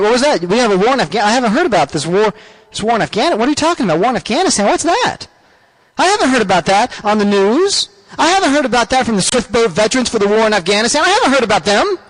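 Male radio host with a very high voice, ranting and defensive, political talk. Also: fairly bright tone, poor audio. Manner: ranting, repetitive, mock-defensive. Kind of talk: political rant.

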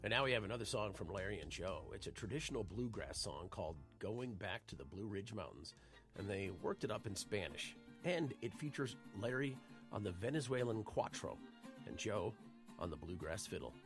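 A man with a lowish voice hosts a radio show, speaking in a folksy, easygoing way. His pitch moves a lot, and music plays clearly behind him. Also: very animated, moderate pace.

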